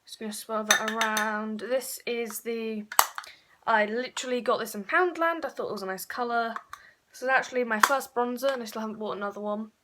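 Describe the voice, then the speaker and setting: A woman, chatting casually through a makeup tutorial with frequent fillers and quick self-corrections. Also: fairly high pitch, heavy background noise. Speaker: beauty vlogger.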